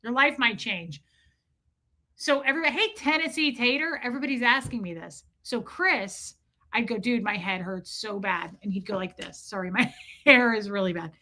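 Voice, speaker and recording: A woman's voice: on the high side, moderate pace, bright, forceful tone. A woman live-streaming, telling a frank, profane, joking story in casual chat.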